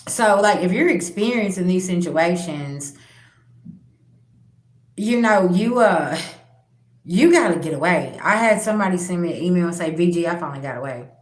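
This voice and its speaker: A woman's voice: fairly low pitch, expressive, normal speed, pauses often. A woman hosting her spiritual channel, telling personal stories bluntly and with plenty of profanity, speaking straight to her viewers. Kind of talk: candid personal storytelling. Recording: roomy echo.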